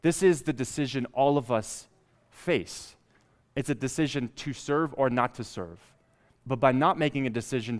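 A man preaching a sermon, reading scripture aloud and building up emphasis on key lines. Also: medium pitch. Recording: long reverb of a hall.

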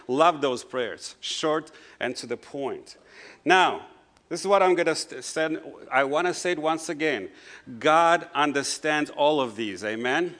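A middle-aged pastor with a non-native English accent, preaching a conversational sermon full of "you know" asides. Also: male voice, a little high, a bit bright.

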